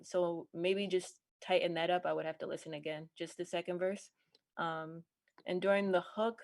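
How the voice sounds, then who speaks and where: A woman with a fairly low voice co-hosts a music feedback show. She talks in a relaxed, easygoing way and fills her pauses with ums. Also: gravelly. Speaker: music review co-host. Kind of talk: casual feedback chat.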